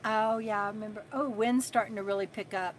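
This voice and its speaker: A woman in her sixties hosting a casual livestream, chatting and reading viewer comments aloud between pauses. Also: medium pitch, fairly even intonation, a little hiss or hum. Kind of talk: casual live chat.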